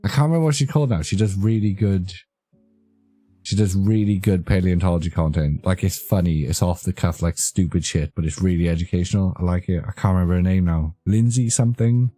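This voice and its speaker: Deep-voiced man rambling on stream. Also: a little fast, dark tone, dry recording. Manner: rambling, joking, easily amused. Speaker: streamer chatting with live chat. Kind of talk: casual live-stream chat. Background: faint background music.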